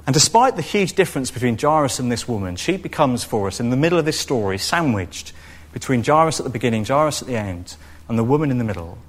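A man preaching a sermon, expressive and storytelling, now and then acting out what people in the story say. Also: medium pitch, quick pace. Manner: expressive, acts out quoted voices.

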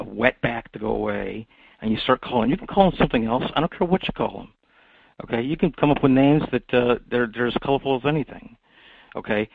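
Gravelly man ranting over a tinny line. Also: medium pitch, no echo. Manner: repetitive, punctuates with "okay?", many restarts; builds to loud preacher-like exhortation. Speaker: monologue speaker. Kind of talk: rambling ranting monologue. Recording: tinny phone-like dry recording.

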